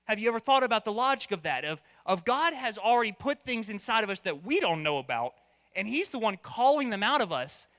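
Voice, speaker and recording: A man's voice: high voice, big pitch swings, fairly quick, sharp tone, big-room sound. A man preaching a sermon as pastor, conversational and playful, now and then acting out voices. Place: church hall.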